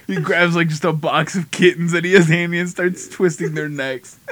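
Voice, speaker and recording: A man's voice: on the high side, steady tone, moderate pace, a bit bright, slight background noise. A man co-hosting a podcast, riffing and laughing in casual comedic chat. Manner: laughing, riffs on the bit. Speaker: podcast co-host.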